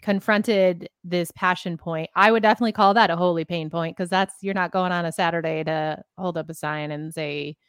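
Calm coaching woman, dry close sound. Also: on the low side, normal speed, few pauses, clear, resonant tone, dry recording. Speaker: host. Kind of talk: guiding reflective podcast discussion.

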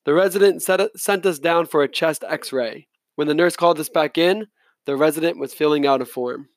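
A man's voice: a little high, normal speed, no room sound, clean studio sound. A man narrating a novel in the first person, reading plainly with the odd slip and restart. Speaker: audiobook reader.

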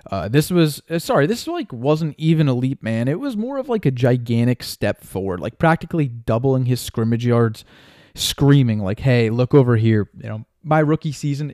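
A young man hosting a solo sports podcast, talking casually and excitedly, full of fillers and asides like "right?" and "man". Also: mid-range voice, no echo, studio quality. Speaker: podcast host.

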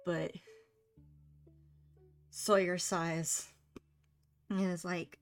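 Slow-talking woman running a tabletop game. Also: on the low side, soft background music. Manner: relaxed, slow, chatty narration with frequent "like". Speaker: game master. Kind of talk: narrating a tabletop game on stream.

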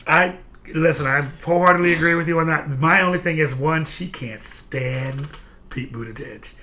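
A man's voice: a little high, moderate pace, pushed and bright, slight background noise. A man hosting a casual political chat podcast, playful and chatty, with lots of fillers. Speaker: podcast host.

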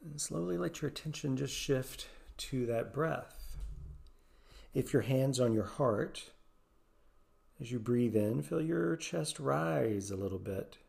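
A man with a gravelly, mellow voice leads a guided meditation. He speaks softly and slowly, leaving long, unhurried pauses between phrases. His steady middle pitch stays gentle throughout. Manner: soft-spoken, slow and gentle with long pauses. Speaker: yoga and meditation teacher, podcast host.

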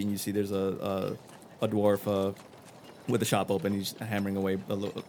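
A man's voice: fairly low pitch, a little mellow, slight background noise. A man narrating a tabletop game as game master, loose and rambling with many fillers.

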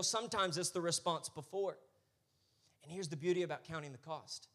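Animated pastor preaching. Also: male voice, fairly high pitch, moderate pace. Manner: animated, swings from hushed to loud and emphatic. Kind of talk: sermon.

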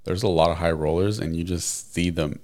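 A young married man co-hosting a podcast in relaxed casual chat, filling his sentences with "like" and "dude.". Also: deep voice, brisk. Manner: relaxed, laid-back, uses "like" and "dude" a lot. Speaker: podcast co-host.

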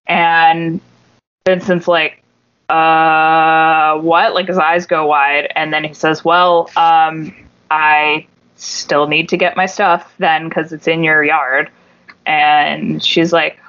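A woman with a lower voice tells a story on a podcast, casual and swearing freely. She jumps into the voices of the people she quotes, and the sound is dull and lo-fi. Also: slow. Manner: animated, profane, acts out quoted voices. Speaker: podcast co-host.

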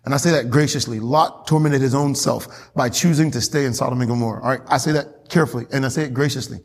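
A man's voice: medium pitch, fairly even intonation, fast. Preaching man in a reverberant hall. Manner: call-and-response preaching, asks congregation questions. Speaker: pastor. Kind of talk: sermon. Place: church hall.

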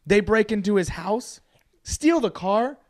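A man hosting a podcast in a studio, telling stories in an animated, casual way and laughing often. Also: high voice, unhurried. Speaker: podcast host. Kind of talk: casual chat.

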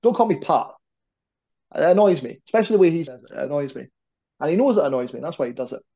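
A man, a wrestler, chatting casually as a podcast guest in an animated, rambling, self-deprecating way. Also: fairly high pitch, racing, creaky. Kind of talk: casual chat.

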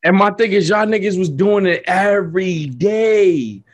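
A man's voice: sits high, unhurried. A man in casual chat, telling a story with lots of slang and acting out the people in it. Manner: animated storyteller, slangy, acts out quotes.

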